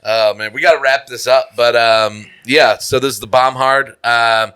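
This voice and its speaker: Crisp, bright-voiced male podcast host. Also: medium pitch, fairly even intonation, moderate pace. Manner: laid-back, self-deprecating. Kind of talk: casual chat.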